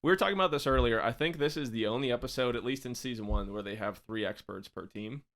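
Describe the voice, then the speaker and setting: A man hosting a podcast in casual chat, quick to laugh and joke. His voice sits at an ordinary middle pitch. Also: a bit bright. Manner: laughs often, jokey. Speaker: podcast host.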